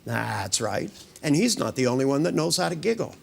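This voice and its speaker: A man hypnotizes volunteers in slow, soothing patter, with a gravelly edge to his voice. His pitch rises and falls widely as he coaxes them deeper, and he often repeats "that's right". He drops in playful jokes now and then. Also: very animated, heavy background noise. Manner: playful, joking with the audience. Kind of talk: live hypnosis demonstration with volunteers.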